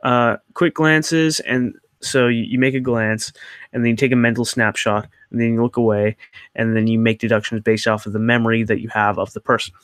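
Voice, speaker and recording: Young guy chatting casually, lots of ums and restarts, mid pitch, dry close sound. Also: flat delivery, brisk, a bit bright, no room sound. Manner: rambling, hesitant, many fillers and restarts. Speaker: channel host answering viewer questions. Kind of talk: casual Q&A chat.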